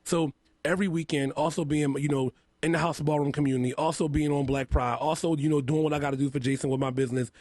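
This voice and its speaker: A man's voice: on the high side, steady tone, quick pace, darkish tone, no echo. A man with a lisp, a guest on a casual radio interview, talking candidly, laughing often and repeating himself. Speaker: interview guest, makeup artist. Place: radio studio.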